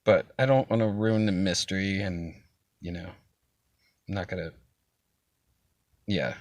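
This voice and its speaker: A young man hosts a casual chat stream, rambling loosely, swearing frequently, and laughing a lot. His voice is low-pitched and unhurried, recorded with no echo.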